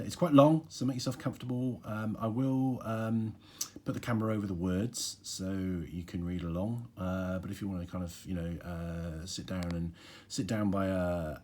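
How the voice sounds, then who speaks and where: A man's voice: low-pitched, a little mellow, breathy edge. A man chatting casually and reading a long poem aloud, with many fillers and self-deprecating asides. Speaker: poetry reader. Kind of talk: casual introduction and poetry reading.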